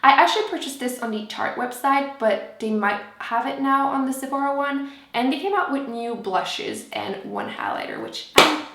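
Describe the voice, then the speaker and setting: A woman's voice: high voice, very animated, moderate pace, a bit bright, reverberant. Chatty young woman reviewing makeup. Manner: chatty and enthusiastic, with fillers and asides. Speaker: beauty vlogger. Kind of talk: casual product review.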